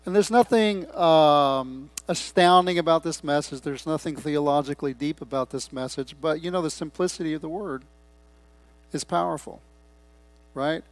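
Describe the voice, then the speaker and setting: A man's voice: fairly high pitch, moderate pace, dry recording. A man preaching a sermon, reading scripture and stressing key words while asking the congregation questions.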